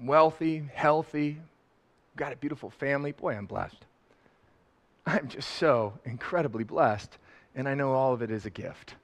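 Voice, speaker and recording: A middle-aged man preaching a sermon, lively and laughing, rising loud and dropping soft. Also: medium pitch, moderate pace. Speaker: pastor. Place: church sanctuary.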